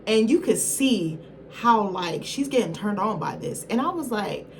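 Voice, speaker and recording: A woman's voice: medium pitch, lively intonation, unhurried, faint music behind. A woman reviewer giving a casual film recap in a rambling, slangy, profane way, often correcting herself mid-thought.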